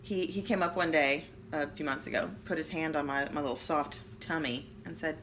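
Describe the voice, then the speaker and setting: A woman vlogger rambling candidly at home about family life, chatty and self-deprecating with quick jokes, recorded on a hand-held phone. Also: low-pitched, fairly even intonation, a bit bright, a little hiss or hum. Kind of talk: casual personal rambling vlog. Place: at home, seated. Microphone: phone camera held in hand.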